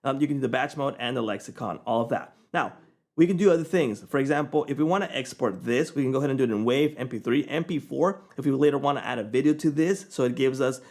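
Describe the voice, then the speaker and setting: A man giving a casual, chatty screen-recorded software tutorial, often checking in with the viewer. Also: medium pitch, fast. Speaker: software reviewer.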